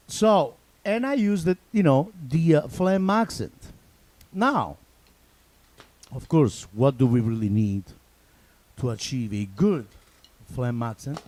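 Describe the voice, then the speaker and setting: A man with an Italian accent gives a casual spoken drum lesson on rudiments, teaching in a loose, chatty way with repeats and restarts. His voice is mid-range and a little mellow.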